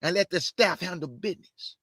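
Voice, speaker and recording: A man preaching from the Bible, mixing scripture reading with slangy asides and shouted bursts. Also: sits high, a little fast, dry recording, clean studio sound. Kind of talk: energetic street-style Bible preaching.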